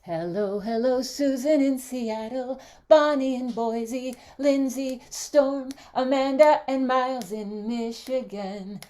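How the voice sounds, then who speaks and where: A woman's voice: sits high, slow, hardly any pauses, warm tone. A woman hosting an online song gathering, greeting viewers one by one in a lilting, sing-song way over a video call. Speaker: host. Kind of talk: warm welcoming livestream greetings.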